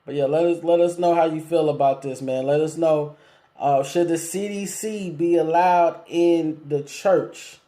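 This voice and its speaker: A man hosts a casual call-in talk show in a slightly high, mellow voice. He speaks to listeners and callers directly, fills gaps with ums, and keeps a polite but firm tone. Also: steady tone, unhurried. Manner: laid-back, lots of ums, asks listeners questions. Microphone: streaming setup with cameras.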